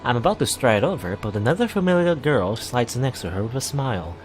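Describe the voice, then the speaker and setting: A man reading a visual novel aloud for a let's play, in a casual way with wry asides and quick self-corrections. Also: mid-range voice, sing-song, faint music behind.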